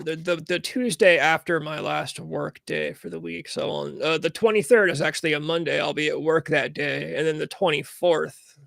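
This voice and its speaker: A young man rambles chattily on a podcast. His voice sits a bit high but is gravelly with vocal fry. He is recorded dry and close. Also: a bit bright, no room sound. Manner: chatty, rambling, says "dude" and "like". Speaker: podcast co-host. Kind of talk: casual chat.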